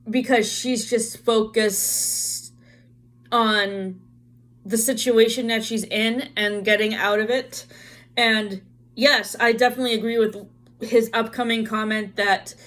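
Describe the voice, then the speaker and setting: A woman's voice: fairly high pitch, fairly bright tone. A woman co-hosting a casual chat, talking earnestly and hesitantly with many fillers.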